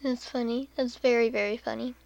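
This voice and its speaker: Woman podcast host, slightly high voice, unhurried sardonic delivery, giggles and quiet mutters, dry close sound. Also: steady tone, gravelly, no room sound. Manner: sarcastic, laughs often, drops into soft muttered asides. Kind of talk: casual podcast commentary.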